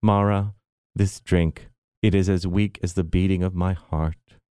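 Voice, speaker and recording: A man's voice: low voice, fairly even intonation, a little slow, warm tone, clear, resonant tone, dry recording, clean studio sound. Man doing a melodramatic self-pitying mother. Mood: arch. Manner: arch, mannered, melodramatic. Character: theatrical, self-pitying aging mother, bitter.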